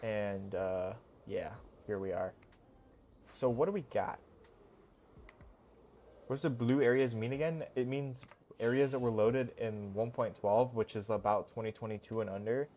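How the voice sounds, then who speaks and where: A young man streaming a game, talking casually in a goofy, excitable, rambling way full of slang. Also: lowish voice, a little slow, a little hiss or hum. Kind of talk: casual live-stream commentary.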